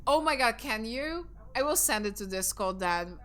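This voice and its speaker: A woman's voice: a little high, lively intonation, moderate pace, a bit bright. A young woman streaming a game, chatting casually in a rambling way and swearing offhandedly. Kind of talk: casual live-stream chat while gaming.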